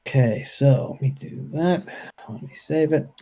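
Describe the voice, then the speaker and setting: A man playing a tabletop wargame, calling out dice results and unit moves in a relaxed, deliberate way. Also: a little high, slightly rough. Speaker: wargame player. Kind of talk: casual play-through commentary.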